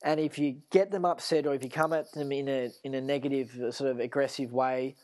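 A man hosts his own podcast alone and talks off the cuff. He rambles, fills gaps with ums and likes, and starts sentences over, with his voice sitting at an ordinary middle pitch. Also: fairly even intonation, a little fast, darkish tone. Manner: rambling, many fillers and restarts. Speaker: podcast host. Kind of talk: rambling solo podcast monologue.

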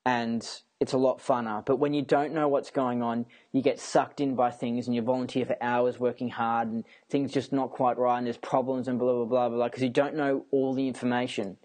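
A young man rants casually to the camera at an ordinary middle pitch. He rambles and presses his points hard, swearing freely. He often breaks off and restarts his sentences. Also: level tone, normal speed, hardly any pauses, a little mellow. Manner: repeats himself and restarts sentences.

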